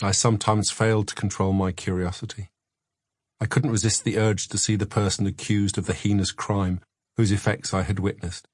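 A man with a low, husky voice narrates a memoir in a measured, matter-of-fact way. He is close on the mic in a dry, dead studio. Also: darkish tone, no room sound. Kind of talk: scripted audiobook narration.

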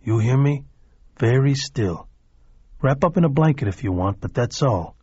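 Gruff mob boss guy, a man doing the voice, deep and quiet, husky, kinda muffled dry recording. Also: expressive, normal speed, no echo. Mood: curt. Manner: curt, commanding, low and quiet.

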